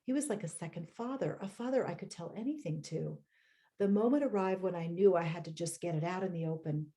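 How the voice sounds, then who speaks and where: Reading her memoir aloud on a video call through a home computer microphone, a woman writer keeps a measured, thoughtful pace. Her pitch is fairly low and her tone is warm, and she drops in short personal asides.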